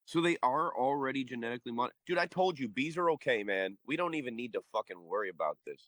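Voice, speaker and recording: Excitable, swearing man in casual podcast chat. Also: medium pitch, quick pace, no echo. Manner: swearing, excitable, says dude and bro. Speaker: podcast guest.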